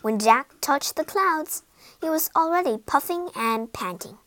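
A woman reads a children's fairy tale aloud, slow and expressive. Her voice is high and bright, and her pitch moves a lot. The recording is close and dry. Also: no echo. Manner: slow, expressive storybook narration. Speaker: storyteller. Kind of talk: children's story reading.

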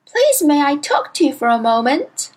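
A woman's voice: high voice, sing-song, moderate pace, voice pushed up. A woman reading a storybook aloud, voicing an earnest little schoolgirl with eager, pleading urgency.

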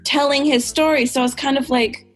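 A woman's voice: sits high, steady tone, a little fast, soft background music. An American woman in a casual English lesson chat, explaining everyday phrases and acting out examples playfully. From United States. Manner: chatty, acts out example phrases with playful voices. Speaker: guest English teacher.

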